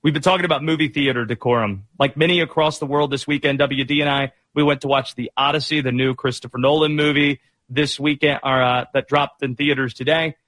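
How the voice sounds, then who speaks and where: A man's voice: mid-range voice, fairly even intonation, fairly quick, few pauses, fairly bright tone, dry recording. A man hosting a sports talk show in an easygoing way.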